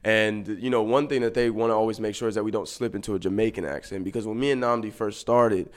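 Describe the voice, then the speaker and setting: A man, an actor, guest in a casual interview, talking in a laid-back, rambling way that often trails off quietly. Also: on the low side, steady tone, fast talker.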